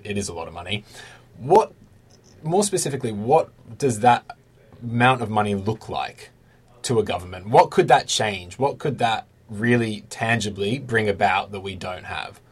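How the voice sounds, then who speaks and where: A man's voice: on the low side, lively intonation, moderate pace, husky. A man interviewing a guest, asking probing questions and stacking several at once.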